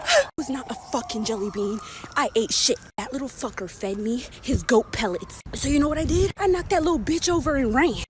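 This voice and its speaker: A woman's voice: high voice, lively intonation, fairly quick, a little hiss or hum. A woman out of breath, telling a story to camera as a profane, exasperated rant.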